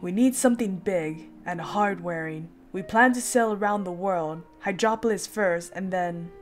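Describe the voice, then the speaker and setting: A woman's voice: medium pitch, normal speed, faint music behind, lightly acted. A woman reading the lines of an earnest, polite young boy king in a video game.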